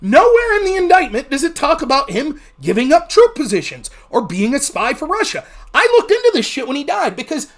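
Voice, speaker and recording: A man's voice: extremely high pitch, huge pitch swings, fairly quick, few pauses, fairly bright tone. A man hosting a livestream, giving heated, sarcastic, profane political commentary. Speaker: livestream host.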